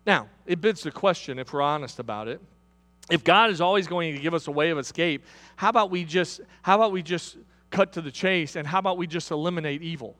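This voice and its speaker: A middle-aged male pastor delivers a sermon in a high, bright voice with a sharp edge. He tells stories to the congregation, speaks to them directly, and often builds into loud, high-pitched preaching. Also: brisk, in a large hall. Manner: storytelling with direct appeals to listeners.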